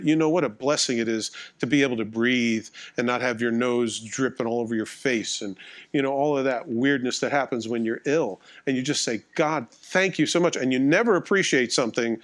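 A man's voice: medium pitch, fairly bright tone. A middle-aged male pastor delivering a sermon in a conversational, wry, self-mocking way, acting out little dialogues.

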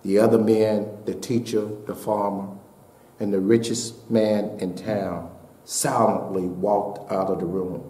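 A man's voice: fairly low pitch, level tone, unhurried. Echoey preaching pastor, a man. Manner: preaching with rising, shouted climaxes and hushed storytelling. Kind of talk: sermon. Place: church sanctuary.

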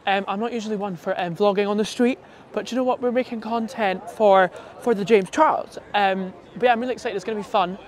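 This casual phone-camera vlog features a drag queen performer, a man who talks fast in a high voice. His excitable chatter is full of "literally" and "um."

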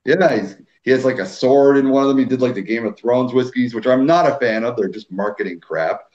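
A man's voice: medium pitch, a little fast, darkish tone, lo-fi sound. A man from Quebec hosting a casual live whisky stream, teasing his guest and calling out viewers in the chat. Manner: teasing, jokey, reads out viewer names.

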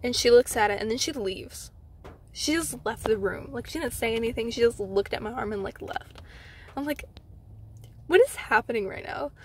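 A young woman telling a storytime vlog from inside a car. She retells it in an animated way, fills her talk with "like" and acts out what others said. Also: fairly high pitch, moderate pace, noisy background. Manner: animated retelling with frequent "like" fillers, acting out others' lines. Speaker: vlogger.

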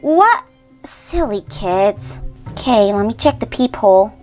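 A woman's voice: medium pitch, lively intonation, unhurried, darkish tone, faint music behind, close to an everyday voice. A woman voicing a teenage big sister babysitting in a toy doll role-play, scolding and sing-song. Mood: bossy. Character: teen big sister babysitting, bossy but kind.

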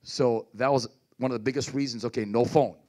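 A man's voice: mid-range voice, steady tone, fairly quick, dark tone. A man preaching a sermon at a church service as pastor, calling out to the congregation and urging them to respond.

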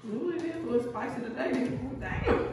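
A woman's voice: high-pitched, lively intonation, quick pace, far from the mic, music in the background. Brash playful woman co-hosting an eating show. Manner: brash, playful, swears freely. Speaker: co-host. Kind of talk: casual chat while eating. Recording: echoey room, off-mic, faint noise.

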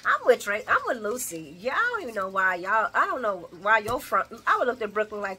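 A woman's voice: medium pitch, very animated, fairly quick, hardly any pauses, sharp tone, slightly rough. A woman recapping a soap opera in casual chat, sassy and opinionated, laughing often as she talks.

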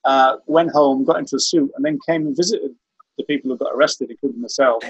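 A man's voice: medium pitch, fast talker, breathy edge, dry recording, dull audio. A man telling a rambling courtroom anecdote on a video call, restarting his sentences often. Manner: rambling storyteller, frequent restarts, chuckling. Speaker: interview guest, veteran activist.

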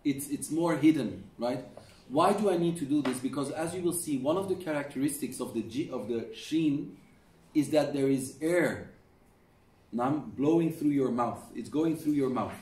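A man's voice: medium pitch, normal speed, a little mellow, slight background noise. Patient man teaching pronunciation, echoey room. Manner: patient, demonstrates sounds repeatedly and coaches students. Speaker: Quran recitation teacher. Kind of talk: classroom lesson on pronunciation. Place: classroom. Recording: echoey room, mic at a distance.

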